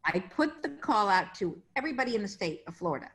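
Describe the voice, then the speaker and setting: A woman's voice: mid-range voice, big pitch swings, quick pace, fairly bright tone. A middle-aged woman casting director chats through a long story in a mid-range voice, heard over a video call. She tells it loosely, acting out the voices of the people she quotes. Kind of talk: casual interview storytelling.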